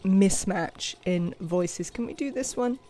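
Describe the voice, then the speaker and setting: English streamer, chatty, live game play, greets chat, mid pitch. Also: takes it slowly, dark tone. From England. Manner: chatty, greets viewers and scolds game characters. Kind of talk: live video game commentary.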